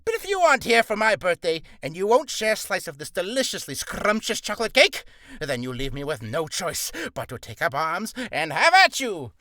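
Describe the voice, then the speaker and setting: A man voicing a vain, petulant tyrant king who talks in a booming, self-important and whiny way, recorded in a home booth on a studio mic. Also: huge pitch swings, moderate pace, sharp tone, dry recording, exaggerated voice. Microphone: studio mic with pop filter.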